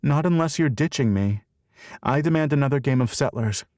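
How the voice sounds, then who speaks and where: A man voicing a witty, teasing young woman in an audiobook, quick and wry. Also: medium pitch, expressive, darkish tone, no room sound, clean studio sound, pitched above the performer's own voice, close to an everyday voice.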